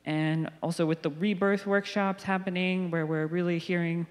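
A woman's voice: lowish voice, fairly even intonation, normal speed. A woman in her thirties giving a sermon, chatty and personal, telling stories with little asides. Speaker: pastor. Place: church hall. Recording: church hall reverb.

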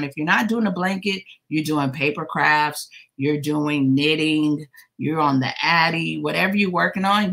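A woman with a low yet bright, forceful voice hosts a cozy crochet livestream from home. She chats casually and greets each viewer by name with an affectionate, teasing tone. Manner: playful teasing with laughter. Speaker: livestream host.

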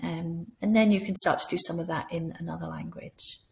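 A woman's voice: fairly low pitch, steady tone, fairly quick, vocal fry. Scottish woman explaining classroom ideas. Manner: demonstrates by speaking to imagined children in a bright teacher voice. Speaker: teacher trainer. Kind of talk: instructional talk with classroom role-play.

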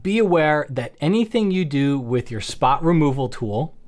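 A man teaching photo-editing software in a screen-recorded tutorial, explaining things casually and checking in with "all right" and "okay". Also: a little high, moderate pace.

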